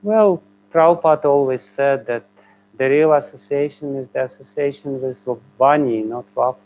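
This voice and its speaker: A man's voice: medium pitch, normal speed, a little mellow, highs cut off, a little hiss or hum. A man, a spiritual teacher, answering a question with a hesitant, chuckling manner and many fillers.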